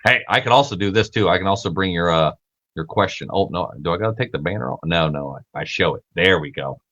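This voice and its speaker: A man's voice: low voice, quick pace, fairly bright tone, lo-fi sound. A young man hosting a casual livestream, rambling and self-correcting, swearing freely, with lots of filler words. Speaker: podcast host.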